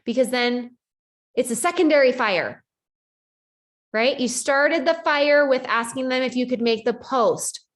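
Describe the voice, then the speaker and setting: A woman coaching her team in a lively motivational talk, dropping in lots of "like" and "right?". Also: high voice, unhurried. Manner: animated, acts out quoted voices, frequent "like" and "right?". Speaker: network marketing team leader.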